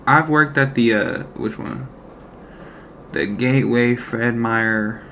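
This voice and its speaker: A man's voice: mid-range voice, takes it slowly, vocal fry, bright, forceful tone, slight background noise. A young man casually telling a personal work story, rambling and profane with lots of slang fillers. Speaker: former deli worker telling a story.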